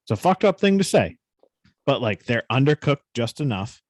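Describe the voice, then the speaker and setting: A man's voice: medium pitch, big pitch swings, moderate pace, dry recording. A man co-hosting a podcast, telling a story in casual, profane chat with a New England accent. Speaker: podcast co-host.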